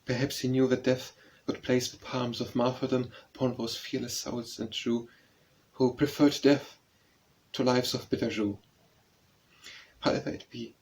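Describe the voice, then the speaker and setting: A man reading a narrative poem aloud as an audiobook narrator, in a measured, solemn recitation. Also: mid-range voice, rough recording.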